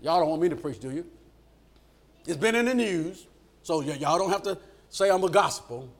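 With a fairly high voice at a normal pace, a man preaches a sermon in lively call-and-response fashion, acting out the voices of the characters in his stories.

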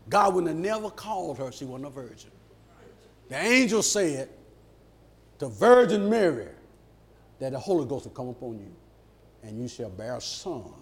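A middle-aged man preaching a sermon, animated and rising to shouts at his peaks. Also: medium pitch, slight background noise. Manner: animated, shouts at peaks and acts out quoted voices.

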